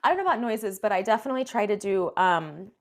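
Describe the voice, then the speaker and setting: A woman's voice: mid-range voice, lively intonation, quick pace. Chatty 30s woman co-host, easygoing book talk full of ums. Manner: chatty, many ums and likes, laughs often. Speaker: podcast co-host. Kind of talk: casual book chat.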